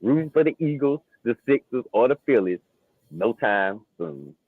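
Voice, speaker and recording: A man co-hosting a casual sports talk show, animated and trash-talking. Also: mid-range voice, moderate pace, husky, dry recording, narrow, tinny audio. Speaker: co-host.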